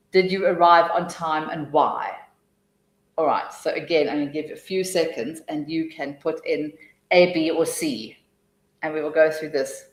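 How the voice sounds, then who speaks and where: A woman leading an online teaching webinar, chatty and lively, laughing now and then and thinking aloud between points. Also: on the low side, reverberant, low-quality recording. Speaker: TEFL trainer leading a webinar.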